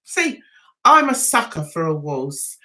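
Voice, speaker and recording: Woman chatting on a livestream from home, getting over a throat cold, slow and bright, jokey, says hi to viewers. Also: deep voice, sing-song. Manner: chatty, self-mocking, greets viewers by name. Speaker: livestream host. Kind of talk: casual live chat.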